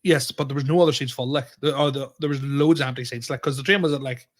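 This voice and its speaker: A young man with a Northern Irish accent, telling a story on a podcast in animated, sweary casual chat and acting out what people said. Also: medium pitch, quick pace. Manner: animated, swearing, acts out quoted exchanges. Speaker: podcast host.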